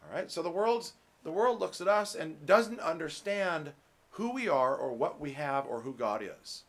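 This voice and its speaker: Emphatic preaching man, fairly high voice. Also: animated, normal speed. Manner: emphatic, rising loud on key points; conversational asides with fillers. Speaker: pastor. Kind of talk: sermon.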